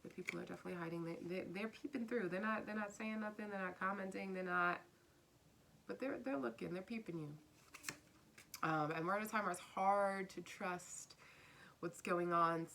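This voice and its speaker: This tarot reader has a mid-range, slightly bright voice, heard against faint background noise. She gives a casual, earnest spiritual reading, repeating herself and occasionally sinking into a whisper.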